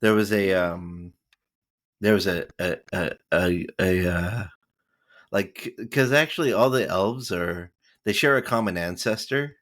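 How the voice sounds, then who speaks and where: A man's voice: sits low, unhurried, fairly bright tone. A man co-hosting a podcast in casual chat, hesitant and searching for words. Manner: hesitant, many fillers. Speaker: podcast co-host.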